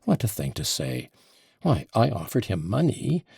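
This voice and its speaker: Guy putting on an agitated accused man, jumping way up in pitch, raspy dark voice. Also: huge pitch swings, normal speed, dry recording, studio quality, heavily acted. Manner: heated, emphatic outbursts. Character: agitated accused young man, proud, passionate. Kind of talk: audiobook character voice.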